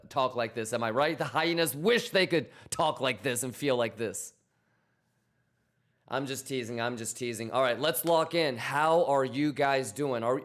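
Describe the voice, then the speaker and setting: A man in the middle of a pitch range talks straight into a desk mic during a live trading stream. He is loud and teasing, swears freely and keeps checking in with his chat, repeating the same questions back to them.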